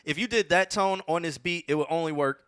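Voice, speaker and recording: A man co-hosting a show, reviewing submitted songs with blunt, animated critique that often trails off mid-sentence. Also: on the high side, fairly quick, clean tone, no echo, clean studio sound. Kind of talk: casual music review chat.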